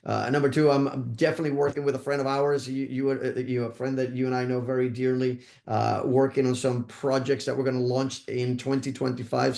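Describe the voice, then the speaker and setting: A man's voice: medium pitch, creaky, darkish tone, roomy sound. A man from Puerto Rico, a podcast guest, talking thoughtfully and laying out his advice point by point, with many restarts. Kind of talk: podcast interview.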